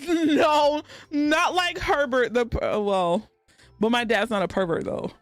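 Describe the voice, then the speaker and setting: A woman's voice: a little high, fairly even intonation, slow, no room sound, faint music behind. A woman with a Texan accent and a slight lisp, chatting casually on a live stream and laughing often as she answers her chat.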